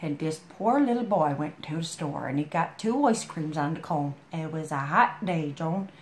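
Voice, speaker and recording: A woman's voice: low-pitched, animated, moderate pace, a little hiss or hum. A woman reading a storybook aloud, breaking off into chatty, homespun asides as if talking straight to a friend. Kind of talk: reading a picture book aloud with folksy asides. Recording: roomy echo.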